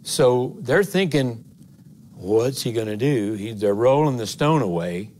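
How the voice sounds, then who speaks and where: A man's voice: medium pitch, expressive, a little slow, darkish tone, slight background noise. Earnest man preaching. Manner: earnest, folksy, rising to emphatic. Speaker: assistant pastor. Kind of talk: conversational sermon. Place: church sanctuary.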